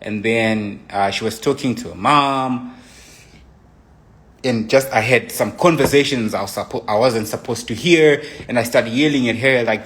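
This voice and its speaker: Young man, casual storytelling, rambling restarts, frequent asides, medium pitch. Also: unhurried, a bit bright. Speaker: boyfriend telling his side of a relationship story.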